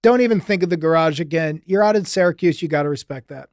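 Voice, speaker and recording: A man co-hosting a comedic advice podcast, talking in a quick, friendly, jokey way. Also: fairly high pitch, darkish tone, dry recording, studio quality. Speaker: podcast co-host. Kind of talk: casual comedic advice chat.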